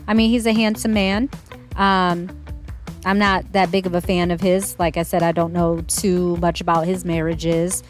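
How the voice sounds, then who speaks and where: Chatty rambling woman reviewer. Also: medium pitch. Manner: rambling, chatty, hedging asides. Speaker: show reviewer. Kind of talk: casual commentary.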